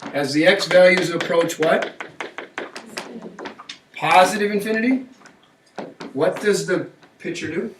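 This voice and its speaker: With a fairly high-pitched voice, a man delivers a math lecture, encouraging students with frequent questions to check they're following. The echoey classroom recording, taken from a far-off mic, has background noise.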